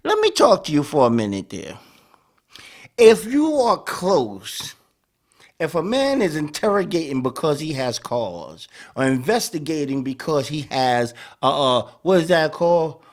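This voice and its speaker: Animated man host, lively pitch. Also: measured pace. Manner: animated, acts out dialogues. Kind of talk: casual commentary.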